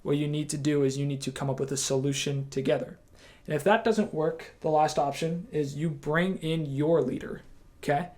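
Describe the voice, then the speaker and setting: A man's voice: on the high side, little pitch movement, a little mellow. Casual emphatic man giving a training talk. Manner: casual and emphatic, acting out quick quoted lines.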